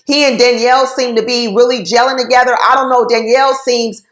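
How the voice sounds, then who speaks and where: A woman's voice: fairly high pitch, fairly even intonation, brisk, a bit bright. A woman reviewing a reality TV show in casual, opinionated commentary, speaking bluntly and informally and talking straight to the cast members. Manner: informal, folksy phrasing. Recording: roomy echo.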